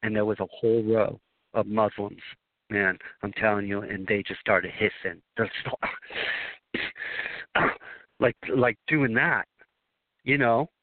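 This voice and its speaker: A man's voice: on the low side, steady tone, unhurried, dry recording. A man from Southern California telling a long story on a talk radio call, rambling and emphatic, with many restarts. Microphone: phone. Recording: dry tinny phone line.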